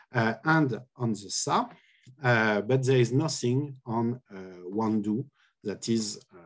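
A man giving an academic linguistics talk, explaining step by step and pausing often on "uh". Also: medium pitch. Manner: halting, many filler "uh"s, careful explanation. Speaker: linguistics lecturer.

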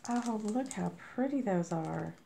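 A woman chatting casually on a vlog as she unboxes mail, gushing and effusive. Her voice is squeaky with a gravelly fry, and she is a bit under the weather. She talks at an unhurried pace. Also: lively intonation, background noise. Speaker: vlogger opening mail.

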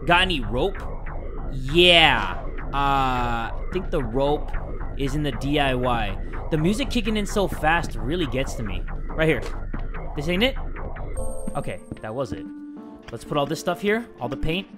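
Excitable swearing gamer man. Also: medium pitch, a little slow. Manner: excitable, swears often, bursts into shouts. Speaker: gaming YouTuber. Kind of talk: let's-play commentary. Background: game music.

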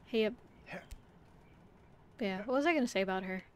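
A young woman VTuber streams a climbing game, chatting casually with viewers while she plays, rambling and swearing when frustrated. Her mid-range voice is smooth and brisk, with lively intonation.

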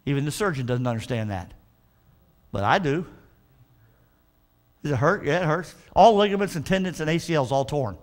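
A male pastor with a notably high voice preaches to his congregation in a church. He talks emphatically and keeps calling for answers from the pews. He slows right down to stress each line of scripture. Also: expressive. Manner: emphatic, call-and-response with the congregation. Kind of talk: sermon.

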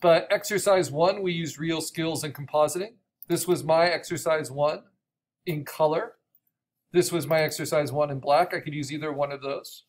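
A man teaching an online art course, explaining steps with frequent restarts and a voice gone raspy from coughing. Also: on the high side, fairly even intonation, moderate pace. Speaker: art instructor. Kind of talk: recorded online course lecture.

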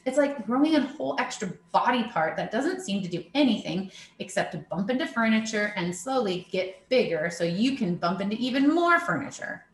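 A woman reading as a blunt, wry pregnant teacher in an audiobook story, laying down the rules in a matter-of-fact way. Her pitch moves lively through the lines, and the voice sits in a roomy, echoing space. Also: a little fast, few pauses, slight background noise, close to an everyday voice. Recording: roomy echo.

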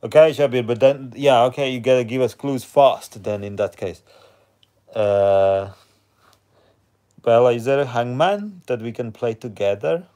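Slow-talking, laid-back male streamer. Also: medium pitch. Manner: relaxed, chatty, reading out viewer comments. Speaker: live stream host. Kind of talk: casual live chat with viewers.

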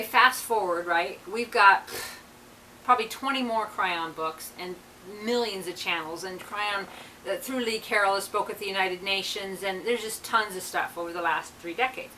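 Rambling woman reverend, bright voice. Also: medium pitch, far from the mic, slight background noise, low-quality recording. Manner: rambling, with many fillers and asides. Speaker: reverend reading channeled texts. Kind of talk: casual rambling talk and reading aloud.

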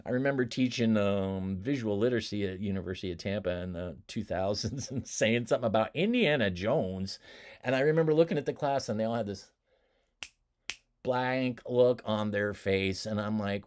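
A man giving a recorded lecture as a college instructor, easygoing and joking, with frequent laughs and asides and big swings in pitch and loudness. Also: moderate pace.

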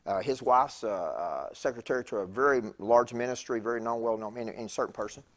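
In a church sanctuary, a man in his fifties preaches as a guest, his sermon conversational, chatty and prone to digressions, with stammered restarts. His voice has medium pitch and moves a little fast.

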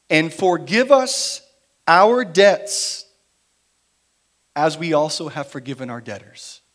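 A man preaching a sermon in a church, moving between quiet, slow emphasis and louder, driven passages. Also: fairly high pitch. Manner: dynamic preaching, shifting between quiet emphasis and raised intensity. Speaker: pastor. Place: church sanctuary.

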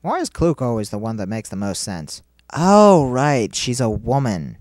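Brief: young male let's-play host, excitable and self-mocking, hiccups, animated delivery. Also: mid-range voice, unhurried. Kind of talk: casual game commentary.

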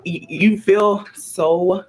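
A woman's voice: medium pitch, steady tone, very slow, background noise. A woman content creator and mom, rambling casually to her viewers in a chatty vlog.

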